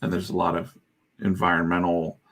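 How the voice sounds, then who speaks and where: A man's voice: low voice, completely flat delivery, brisk. A middle-aged man, a comic artist, chatting in a rambling, irreverent way on a livestream while he works, swearing freely. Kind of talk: casual livestream chat.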